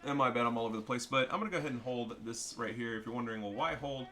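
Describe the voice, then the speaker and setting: Bright-voiced man doing profane gameplay commentary. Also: medium pitch, fairly even intonation, rapid-fire. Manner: joking, profane, rambling.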